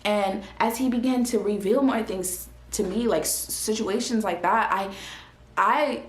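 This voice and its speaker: A young woman shares a personal faith testimony in a casual, animated way, often restarting her sentences. Her voice sits at a middle pitch. The room around her adds a noticeable echo. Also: unhurried. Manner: earnest and animated, with frequent fillers and restarts. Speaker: vlogger sharing a faith testimony. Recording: roomy echo.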